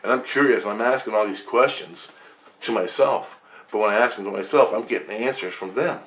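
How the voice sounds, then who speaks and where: Male vlogger, low voice, rambling and profane storyteller, excitable. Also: fairly quick. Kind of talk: personal storytelling to camera.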